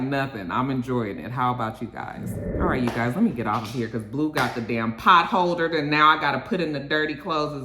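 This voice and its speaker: A TV show reviewer chatting casually through an episode recap while cooking at home, animated, with frequent "okay"s. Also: medium pitch, a little hiss or hum. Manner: animated storytelling, tag-on okays. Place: home kitchen. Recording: echoey room.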